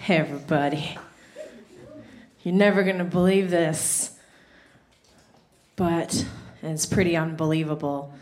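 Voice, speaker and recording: A woman's voice: low voice, steady tone, measured pace, long pauses, a little hiss or hum. A young woman doing a stand-up comedy set on a club stage, chatty and self-mocking, filling her talk with "like". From Somalia (family). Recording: echoey room with loud audience laughter. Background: audience laughing.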